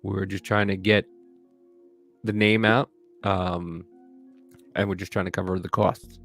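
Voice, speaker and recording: A man co-hosting a casual podcast, profane and animated, jumping into a high yell when worked up. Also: unhurried, vocal fry, faint music behind. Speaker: podcast co-host.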